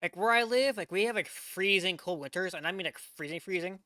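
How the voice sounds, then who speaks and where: Rambling, stammering young-sounding guy with a bright, dry voice. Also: high-pitched, brisk, no echo. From United States. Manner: rambling, stammering restarts, heavy use of "like"; incredulous, swearing. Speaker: VTuber reaction host. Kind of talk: casual reaction commentary.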